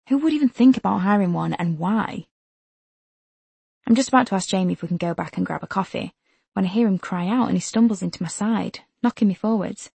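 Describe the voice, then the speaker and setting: Gravelly husky woman narrating. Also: mid-range voice, dark tone, no room sound. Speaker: audiobook narrator. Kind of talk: first-person novel narration.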